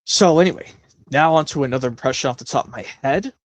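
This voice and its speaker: A man's voice: mid-range voice, quick pace, no echo. Rambling man on a live stream. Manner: rambling, many self-corrections. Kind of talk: casual live-stream chat.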